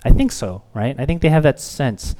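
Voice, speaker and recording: Male pastor in his thirties, conversational sermon, animated storyteller who mimics children's pleading voices. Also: medium pitch, moderate pace.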